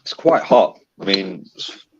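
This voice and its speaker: Deep blunt man, lo-fi. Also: lively intonation, a little slow, a little mellow, a little hiss or hum. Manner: blunt, swears casually. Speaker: guest, chili challenge eater. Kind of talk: casual chat. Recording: dull lo-fi sound.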